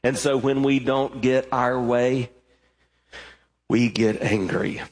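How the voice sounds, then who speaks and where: Fervent preacher in a reverberant hall. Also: male voice, medium pitch, fairly even intonation. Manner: emphatic, rising to fervent stretches and slowing for weighty points. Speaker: pastor. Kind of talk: sermon. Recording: long reverb of a large hall.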